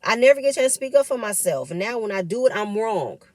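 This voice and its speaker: A woman's voice: fairly high pitch, big pitch swings, fast, no echo. Emphatic woman recapping, dry sound. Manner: emphatic, repeats words for stress. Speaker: reality show cast member recapping an episode. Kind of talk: casual recap chat.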